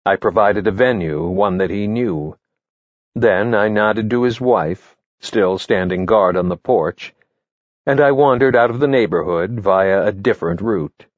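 A man narrating his memoir in a measured, matter-of-fact way, reading from a script. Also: fairly low pitch, no echo, dull audio. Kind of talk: first-person memoir narration, read from a script.

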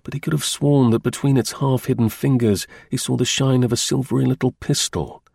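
A man narrating an audiobook in a measured, unhurried reading. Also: medium pitch, steady tone, gravelly, darkish tone, slightly rough, dry recording, studio quality.

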